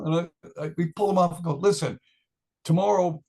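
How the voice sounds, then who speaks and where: A man's voice: on the high side, brisk, vocal fry, warm tone, a little hiss or hum. Man telling stories with frequent laughs. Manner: rambling, laughs often, acts out quotes. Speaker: musician guest. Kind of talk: storytelling interview.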